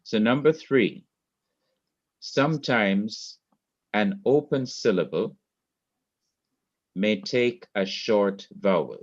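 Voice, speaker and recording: A man teaching a Hebrew grammar class, explaining slowly and repeating key points. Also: on the low side, expressive, lo-fi sound. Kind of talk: online classroom lecture. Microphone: laptop mic.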